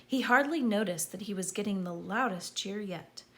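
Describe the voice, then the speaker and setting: A woman's voice: medium pitch, normal speed. A woman reading a children's story aloud, calling out names with gusto. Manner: lively, calling out names loudly. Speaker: audiobook reader.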